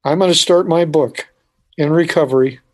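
A man telling a personal story in conversation, halting with frequent restarts and dropping quiet at moments. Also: on the high side. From United States. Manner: halting, restarts often, quiet when recalling. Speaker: speaker telling his life story.

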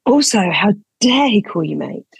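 A woman co-hosting a comedy podcast, firing off quick teasing questions and laughing often in casual chat. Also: medium pitch, big pitch swings, gravelly, breathy edge, no room sound, rough recording. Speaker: podcast co-host.

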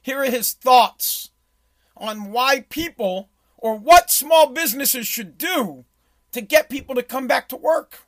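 With an extremely high-pitched voice and a slow pace, this small business owner plays clips and rants about politics. His commentary is blunt, sarcastic, and full of profanity.

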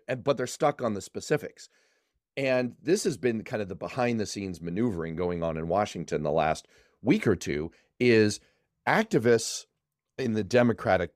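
A man hosting a political discussion panel, quick to joke between serious points. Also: on the low side, no echo, studio quality. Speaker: podcast host.

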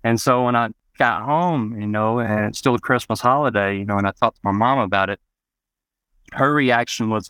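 Speaking at a normal pace in a clean, fairly bright mid-range voice, this interview guest from Arkansas, USA, reflects on a personal story in a relaxed way. He leans on "you know" often and lifts his voice when acting out others' words. The recording is dry.

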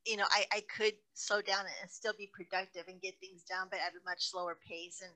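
A woman's voice: mid-range voice, level tone, brisk, sharp tone, rough recording. A middle-aged woman hosting a casual interview, chatty and laughing easily. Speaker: host.

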